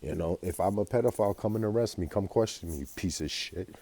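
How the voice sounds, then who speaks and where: A man's voice: sits low, fast, mellow, husky. A man telling a rambling, profane personal story in a vlog, agitated and full of fillers. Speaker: vlogger.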